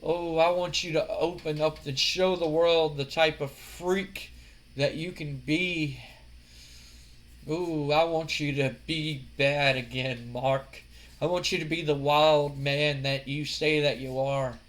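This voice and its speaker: A man putting on the voice of a menacing, seductive male wrestler, speaking slowly and in a drawn-out, purring way. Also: on the high side, steady tone, fairly bright tone. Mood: creepy seductive. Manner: slow, drawn-out, purring delivery.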